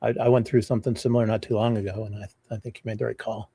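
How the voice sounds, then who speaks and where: A man losing his voice, talking in a measured, supportive way on a casual live talk show. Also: on the low side, little pitch movement, mellow, husky, no room sound.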